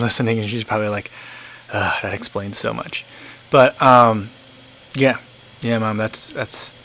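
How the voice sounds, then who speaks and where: A man's voice: on the low side, a bit bright. A man in his thirties hosting a casual livestream, chatting loosely and reading viewer comments, rambling with many fillers and restarts. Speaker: livestream host.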